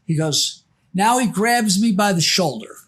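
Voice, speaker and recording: An older man spins a long, rambling story with plenty of stops and restarts. His voice sits high for a man, and he unhurriedly takes his time. It is casual podcast talk. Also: expressive, measured pace. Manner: rambling, many false starts. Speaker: podcast guest. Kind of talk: casual anecdote.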